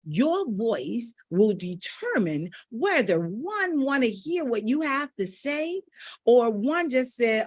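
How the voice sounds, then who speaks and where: A middle-aged woman vocal coach with a lively voice that swings high and low. She speaks slowly and with emphasis, and her voice sounds slightly raised in pitch. The recording is dry and close. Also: breathy edge, dry recording. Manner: emphatic, animated, demonstrative. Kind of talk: energetic teaching talk.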